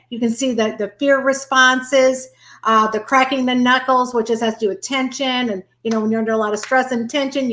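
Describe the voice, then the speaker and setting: A woman's voice: on the high side, a bit bright. A woman guest explaining behavioral cues methodically in a panel discussion. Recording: echoey room.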